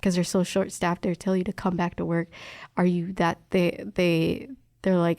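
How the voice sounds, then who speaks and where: A young woman tells her story of hospital work in a frank, emphatic way. Her voice sits fairly low. The sound is dry and close, with no room around it. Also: little pitch movement, normal speed, darkish tone, dry recording. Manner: candid, emphatic, quotes others' words. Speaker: respiratory therapist telling her story. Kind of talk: personal storytelling interview.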